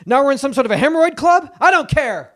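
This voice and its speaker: A cranky older comedian ranting on stage, loud and indignant, as a man puts him on. The voice sits well above the performer's own, punching each line. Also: extremely high pitch, big pitch swings, fast, voice pushed up. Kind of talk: comedic impression.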